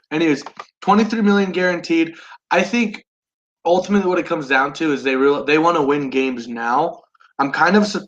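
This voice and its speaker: A young man hosting a casual sports chat with friends, eager and quick to restart his sentences. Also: medium pitch, fairly bright tone, slight background noise, rough recording. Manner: enthusiastic, restarts often. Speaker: sports podcast host. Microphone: online call.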